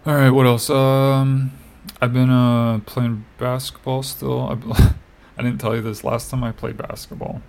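A man's voice: medium pitch, flat delivery, unhurried, gravelly, a little mellow. A man telling a story in casual chat. He rambles, fills his talk with "like" and swears now and then.

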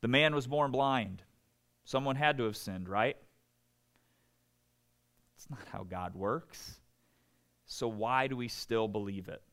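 A man preaching a sermon, speaking conversationally, asking his listeners "right?" again and again and acting out quoted voices with big swings in pitch and loudness. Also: slow pace, long pauses. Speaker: pastor.

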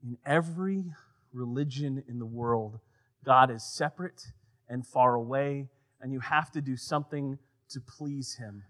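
A man preaching a sermon, swinging between loud emphatic lines and quiet, soft passages. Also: medium pitch, a little slow. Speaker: pastor.

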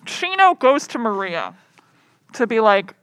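A woman's voice: fairly high pitch, very animated, unhurried, a bit bright, no echo. A woman co-hosting a podcast, casually retelling a film's plot and acting out the characters' lines with playful energy. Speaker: podcast co-host. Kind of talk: casual chat recapping a film.

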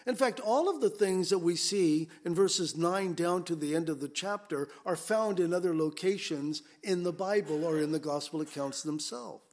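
Lively conversational male preacher. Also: fairly high pitch. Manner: conversational, acts out little scenes in quick voices. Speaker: pastor. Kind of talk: expository sermon.

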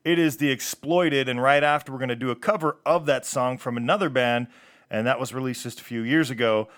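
A relaxed man introducing tracks on a punk radio show, his voice sitting at an ordinary middle pitch. He talks loosely and rambles, stumbles over tricky names and throws in the odd swear. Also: brisk. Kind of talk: casual radio show talk between songs.

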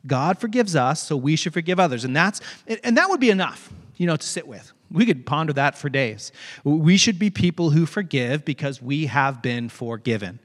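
A pastor delivering a conversational sermon, retelling a parable with animated asides. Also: male voice, on the high side, normal speed, long reverb tail. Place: church sanctuary.

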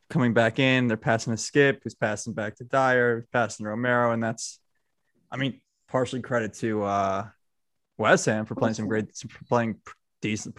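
A man's voice: medium pitch, fairly bright tone, dry recording, clean studio sound. A man hosting a casual football chat, rambling with restarts and laughing often.

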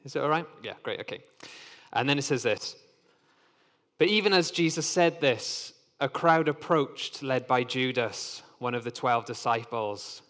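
A man's voice: medium pitch, fairly bright tone. A man reading and teaching from the Bible into a microphone, explaining in an earnest, conversational way. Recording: long hall reverb.

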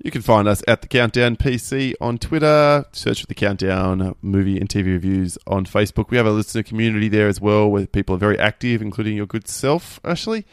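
A man's voice: on the low side, a little fast, hardly any pauses, clear, resonant tone, no room sound, studio quality. An Australian man guest on a podcast, wry and laid-back, talking while unwell with a cold. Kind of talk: casual podcast chat.

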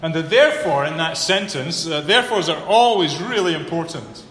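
A man preaching a sermon, building to emphatic peaks and then dropping low and earnest. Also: animated, normal speed, a bit bright. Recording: echoey hall with long reverb, faint room hum.

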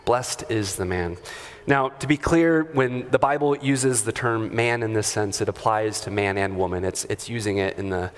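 A man preaching a sermon in a church, talking in a relaxed, conversational way with fillers and chuckling asides. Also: lowish voice, moderate pace. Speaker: pastor. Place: church sanctuary. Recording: long hall reverb.

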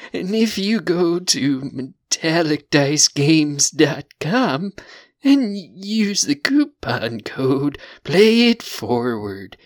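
A woman's voice: sits low, sing-song, extremely slow, no room sound, studio quality. A woman hosting a tabletop game podcast, reading sponsor spots in a joking, giggly, rambling way. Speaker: podcast host. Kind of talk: casual chat and sponsor reads.

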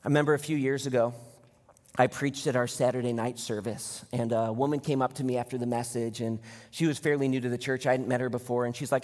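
A man in his thirties preaching a sermon, telling stories in an animated way and acting out the people he quotes. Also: mid-range voice, fast talker. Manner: animated storytelling, acts out quoted voices. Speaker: pastor. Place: large church hall. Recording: long hall reverb.

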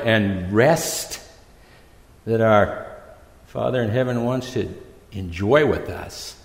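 A man giving a conversational sermon as a visiting preacher, pausing and restarting often as he talks. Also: on the low side. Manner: conversational, halting, with many restarts. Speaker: guest preacher. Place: church. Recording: echoey church hall.

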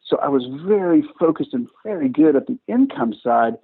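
A man's voice: on the high side, fairly quick, vocal fry, breathy edge. Man telling stories over a tinny line. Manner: lively, self-mocking, chatty with many restarts. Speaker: guest entrepreneur. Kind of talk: casual storytelling interview. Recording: tinny phone-like line, dry.

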